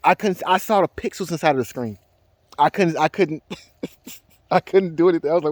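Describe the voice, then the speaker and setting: A young man telling a rambling personal story as a vlogger, halting and repeating words, laughing often and swearing. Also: on the high side, darkish tone, no room sound.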